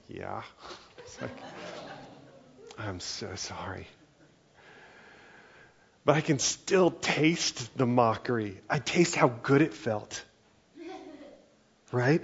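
A man's voice: medium pitch, vocal fry, slightly rough, muffled recording. A man preaching a sermon, earnest and conversational, often dropping in "like" and "right?" as he talks. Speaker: pastor.

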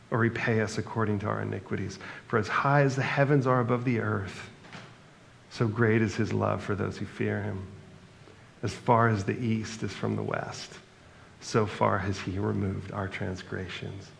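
Guy preaching a sermon, gravelly voice, chatty, reads bible bits out loud. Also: on the low side, slight background noise. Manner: conversational preaching, reads scripture aloud. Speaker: pastor.

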